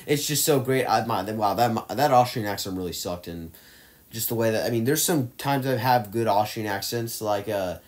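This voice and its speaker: A man casually ranking movies on his own channel, rambling with lots of fillers and restarts, getting louder and softer as his enthusiasm rises and fades. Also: lowish voice, normal speed. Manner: enthusiastic, swings loud and soft. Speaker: movie reviewer ranking films. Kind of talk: casual rambling tier-list vlog.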